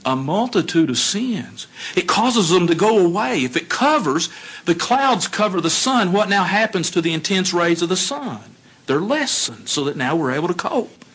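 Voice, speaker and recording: Male preacher, husky, animated delivery, asks the congregation questions. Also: sits high, normal speed. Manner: animated storytelling, acts out dialogue, asks the audience questions. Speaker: congregation speaker. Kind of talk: sermon.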